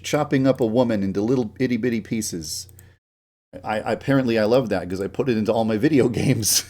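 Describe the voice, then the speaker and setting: Slow-talking, cursing game developer man. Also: fairly low pitch, darkish tone. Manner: swears often, rants and grumbles to himself; self-mocking, laughs at his own jokes. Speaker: game developer streaming his work. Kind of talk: live-stream work commentary.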